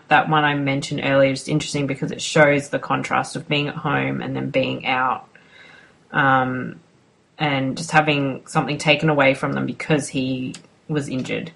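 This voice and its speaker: An interviewer, speaking hesitantly with many pauses and restarts. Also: mid-range voice, creaky, a bit bright. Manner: hesitant, lots of ums and restarts. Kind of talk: conversational interview.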